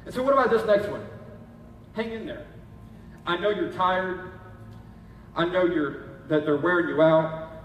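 Pastor guy preaching, earnest and pushy, kinda high voice, echoey church hall from far off. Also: animated, normal speed, a little hiss or hum. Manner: earnest, urging, conversational preaching. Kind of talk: sermon. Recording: echoey hall, heard from a distance.

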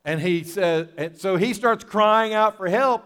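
A man's voice: high-pitched, unhurried, hardly any pauses, fairly bright tone, clean tone, big-room sound. A male pastor preaching a sermon, earnest and repeating his key lines for weight.

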